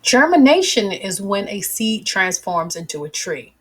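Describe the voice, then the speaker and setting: A woman's voice: medium pitch, big pitch swings. Woman teaching phonics to kids. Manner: slow, clearly segmented words for kids. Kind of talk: children's phonics lesson.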